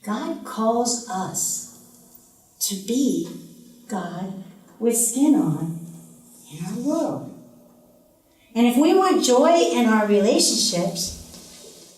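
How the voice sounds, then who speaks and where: A woman's voice: high-pitched, dark tone. A woman giving an earnest, storytelling inspirational talk to a youth rally. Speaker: youth speaker. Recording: very echoey hall, distant mic.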